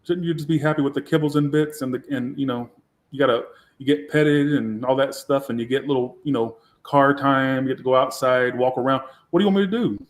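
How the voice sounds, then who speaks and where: A man's voice: medium pitch, a little fast. Sassy, profane tarot-reading man. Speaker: tarot reader. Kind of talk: casual live tarot reading. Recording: echoey room.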